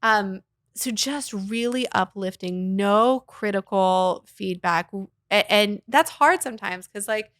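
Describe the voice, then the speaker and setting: A woman guest, a voice teacher and arts nonprofit founder, talking in a casual interview in an animated, expressive way with frequent laughter. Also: mid-range voice, takes it slowly, no room sound, clean studio sound.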